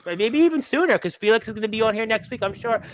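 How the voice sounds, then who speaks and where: A man's voice: sits high, animated, quick pace, no echo. A man hosting a talk radio show, rambling along with lots of "um" fillers.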